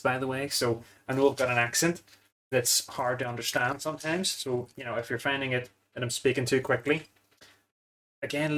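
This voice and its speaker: Man, casual cooking demo, rambling, self-deprecating, average pitch. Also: fairly bright tone. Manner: chatty, rambling, self-mocking asides. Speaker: food vlogger.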